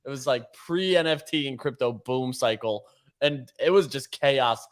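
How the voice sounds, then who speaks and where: Excitable slangy male podcast co-host. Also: medium pitch, unhurried. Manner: excitable, slangy, says "dude" a lot. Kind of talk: casual chat.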